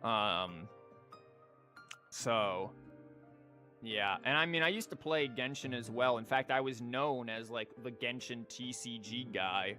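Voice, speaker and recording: A man in his thirties chats loosely while streaming a game, mid-pitched and jokey, tripping over fillers and restarts. Game music sits faintly behind his voice. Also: takes it slowly, bright, forceful tone. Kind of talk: casual live-stream chat while gaming.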